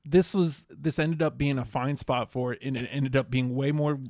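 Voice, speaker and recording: A man's voice: mid-range voice, fairly even intonation, normal speed, a little mellow, no room sound, clean studio sound. A man co-hosting a casual wrestling podcast, laid-back and agreeable, mostly giving short replies. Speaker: podcast co-host.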